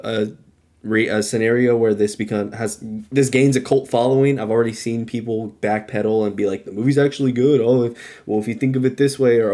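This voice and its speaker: Heated, profane man ranting. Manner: heated, profane, swings from loud to low and back. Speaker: podcast co-host. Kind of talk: casual ranting movie review.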